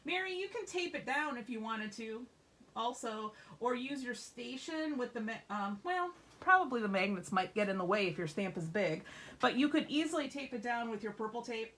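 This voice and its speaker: A woman's voice: fairly high pitch, expressive, moderate pace, fairly bright tone. A woman hosting a live craft demonstration, chatty and upbeat, reassuring viewers as she shows a stamping technique. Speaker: craft workshop host. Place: craft store classroom.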